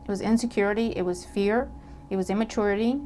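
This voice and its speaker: A woman giving a casual tarot reading to her viewers. She talks in an animated way, often asking "okay?" and repeating her points. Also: mid-range voice, fast, slight background noise. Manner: animated, acts out imagined dialogue; checks in with listener, repeats herself. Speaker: tarot reader.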